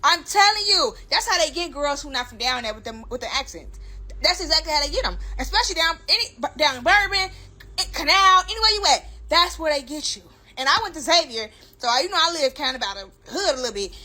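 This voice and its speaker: A young woman telling a story to camera in an emphatic, animated way, stretching words for effect. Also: sits high, fast.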